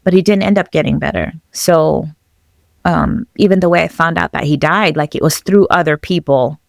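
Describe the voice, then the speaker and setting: A young woman from Zambia telling a personal story as a podcast guest, reflective and halting, with many fillers. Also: deep voice, creaky, no room sound, clean studio sound.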